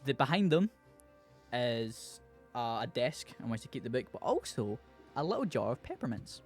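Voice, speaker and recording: A man's voice: mid-range voice, very animated, normal speed, faint music behind. Laid-back man running a game. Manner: laid-back, filler-heavy narration. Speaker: game master. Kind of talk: narrating a tabletop game.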